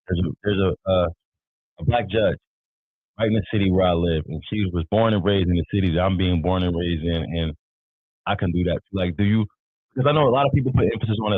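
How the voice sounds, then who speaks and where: A man hosting a live-stream interview, agreeable and halting as he works out his questions aloud. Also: sits low, slightly rough, no room sound. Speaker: interview host. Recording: tinny dry online call audio.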